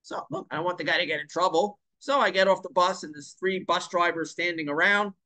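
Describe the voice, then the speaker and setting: A man's voice: high-pitched, fairly quick, pushed and bright. A man telling a story in a casual monologue, emphatic, repeating and stumbling over words at times. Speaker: online commentator.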